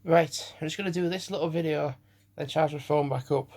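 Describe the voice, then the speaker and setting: A man's voice: a little high, steady tone, fairly quick, darkish tone, dry recording. A man vlogging casually while out on a walk, out of breath and sighing often as he rambles. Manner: rambling, chatty, sighs often. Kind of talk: casual vlog chat while walking. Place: outdoors on a walk. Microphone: phone held while walking.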